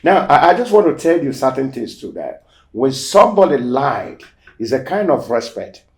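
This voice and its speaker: A man hosting a show, casually telling a testimony story and acting out the quoted dialogue, swinging between loud emphasis and near-whispered asides. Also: mid-range voice, big pitch swings, normal speed. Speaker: show host.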